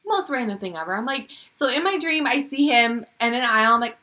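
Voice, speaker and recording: A woman's voice: a little high, fairly quick, few pauses. A woman co-hosting a pop culture podcast, telling a story in casual chat with lots of swearing and acted-out dialogue. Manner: animated, swearing, acts out dream dialogue. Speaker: podcast co-host.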